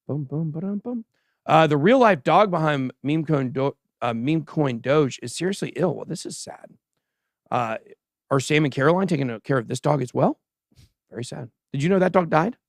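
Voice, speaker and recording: A man hosting a casual livestream crypto show, giving animated and sarcastic commentary as he chats with a co-host and the live chat. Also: fairly high pitch, moderate pace, dry recording, studio quality. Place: show studio stage.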